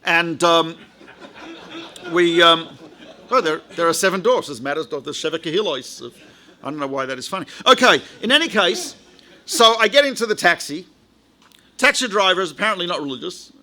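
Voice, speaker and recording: A man's voice: sits high, lively intonation, normal speed, long pauses, pushed and bright. A male rabbi giving a lecture, telling anecdotes in a chatty way with frequent asides to the audience. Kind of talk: storytelling lecture.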